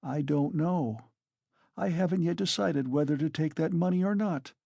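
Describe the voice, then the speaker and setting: A man's voice: on the high side, normal speed, creaky, warm tone, no echo, lo-fi sound, voice pushed up. A man voicing a tormented, bitter young male student in an audiobook, pleading in anguish. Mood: brooding. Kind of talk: audiobook character reading.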